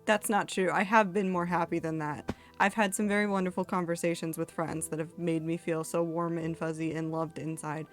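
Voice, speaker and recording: A woman's voice: fairly low pitch, fairly even intonation, moderate pace. A young woman streamer chatting candidly while she plays, swearing casually and reading chat messages aloud. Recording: faint music behind.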